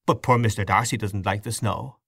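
A man voicing a fussy, motherly older aunt who chides gently. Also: fairly low pitch, fairly even intonation, brisk, creaky, no room sound, studio quality. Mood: teasing.

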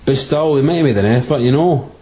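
A man's voice: mid-range voice, fast talker, dark tone. A man with a Glaswegian accent teaching physics in a crude, jokey, slang-heavy way. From Glasgow, Scotland. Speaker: physics tutor. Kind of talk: comic slangy physics lesson.

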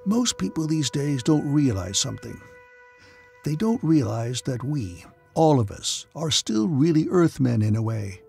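A man's voice: medium pitch, big pitch swings, a little slow, gravelly, a little mellow, faint music behind. A man voicing a sober, thoughtful male psychotherapist from another star. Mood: calm.

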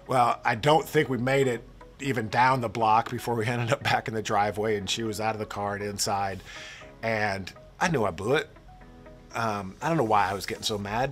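Earnest man in his forties, low voice. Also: fairly bright tone. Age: 40s. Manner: earnest, reflective, confessional. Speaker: church parenting speaker. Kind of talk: scripted-feel talk to parents.

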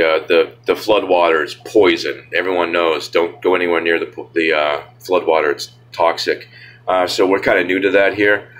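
A man's voice: fairly low pitch, a bit bright, low-quality recording. A man ranting casually to his viewers in a rambling, sarcastic way, full of filler words. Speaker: vlogger. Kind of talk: casual rant to camera.

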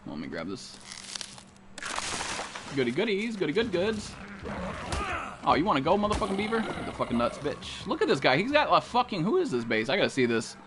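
Young male game streamer, loud-mouthed and profane, slightly higher voice, faint hiss behind. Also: huge pitch swings, fast talker, few pauses. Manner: brash, profane trash talk to chat. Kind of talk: live gameplay commentary.

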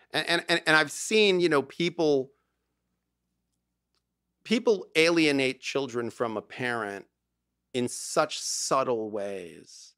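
A man's voice: medium pitch, fairly bright tone, dry recording, clean studio sound. A middle-aged man, a divorce lawyer talking as a podcast guest, who tells stories with emphasis and acts out quoted dialogue. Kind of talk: animated conversational interview.

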